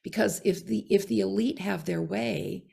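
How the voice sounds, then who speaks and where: A woman astrologer explaining in casual conversation, with a gravelly voice and frequent "you know" and "okay?". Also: mid-range voice, moderate pace, mellow.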